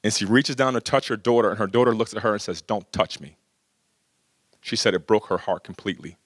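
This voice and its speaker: Speaking quickly in a lowish voice, a middle-aged man tells stories to a workshop crowd in a casual way, often saying "you know" and "right?" The recording is dry with clean studio sound.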